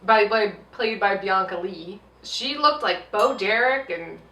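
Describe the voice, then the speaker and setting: A woman co-hosting a casual movie-review chat, animated and quick to mimic the characters she talks about. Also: medium pitch. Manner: animated, slips into mocking voices of characters. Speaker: podcast co-host. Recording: roomy sound, mic at a distance.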